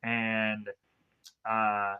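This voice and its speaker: A man's voice: fairly low pitch, monotone, extremely slow, clear, resonant tone, narrow, tinny audio. A man casually recapping a film's plot as a reviewer, rambling with lots of "like" and "uh" fillers. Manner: rambling, filler-heavy with constant "like" and "uh". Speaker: film reviewer.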